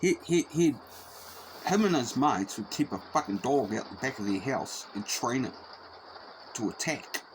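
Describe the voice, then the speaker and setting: A man's voice: medium pitch, animated, a little slow. A man telling a story in a rambling, profane, repetitive way. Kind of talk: casual spoken anecdote. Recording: noisy background.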